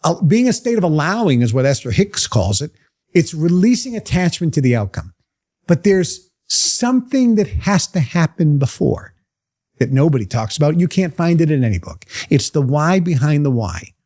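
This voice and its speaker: A motivational speaker, a man with a fairly high voice that swings widely in pitch. He talks emphatically, pressing his listeners with question after question. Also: big pitch swings, moderate pace, a little mellow. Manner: emphatic, fires rhetorical questions. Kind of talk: motivational talk to a live group.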